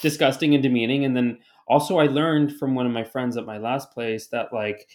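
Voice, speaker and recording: A man's voice: medium pitch, steady tone, brisk, darkish tone. Man, podcast co-host, casual rambling chat, self-deprecating, lots of restarts, earbud mic. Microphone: earbuds on a call.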